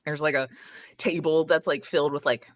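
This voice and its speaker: Gm lady, lowish voice, chill rambly scene narrating. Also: fairly even intonation, moderate pace. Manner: casual, lots of filler words. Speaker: game master. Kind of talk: narrating a tabletop game.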